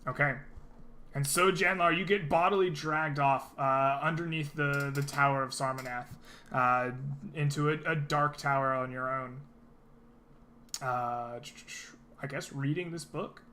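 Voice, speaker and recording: A man's voice: medium pitch, steady tone, measured pace, sharp tone, a little hiss or hum. A man narrating as game master of a tabletop role-playing game, loose and full of fillers.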